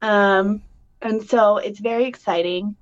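A woman co-hosting a podcast in casual, giggly chat, halting with fillers. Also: medium pitch, fairly even intonation. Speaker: podcast co-host. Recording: dull lo-fi audio.

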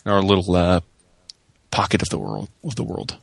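A man co-hosting a podcast, talking in a measured, earnest way about upcoming releases. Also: sits low, little pitch movement, creaky, slightly rough, no room sound. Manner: measured, earnest, plugs pre-orders. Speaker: podcast co-host. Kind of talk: casual chat with announcements.

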